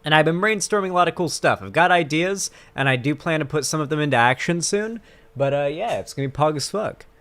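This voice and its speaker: A man's voice: a little high, animated, a little fast, a bit bright. Crude, rambling male streamer. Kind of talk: casual live-stream chat.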